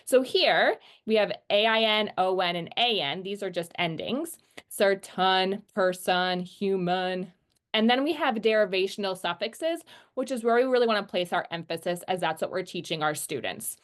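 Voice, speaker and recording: A woman teaching about word sounds, patiently explaining and slowly sounding out example words, often checking in with "right?". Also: mid-range voice. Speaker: literacy teacher trainer. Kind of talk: instructional explanation.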